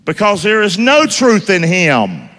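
A man's voice: high voice, wildly swooping pitch, a little slow, fairly bright tone, in a large hall. A man preaching a sermon, quizzing the congregation for call-and-response in a folksy, emphatic way.

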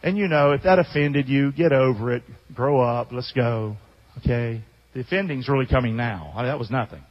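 A man preaching a sermon as a pastor, telling stories in an animated way that swings from loud to hushed. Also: medium pitch, brisk, lo-fi sound. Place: church sanctuary. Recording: long hall reverb.

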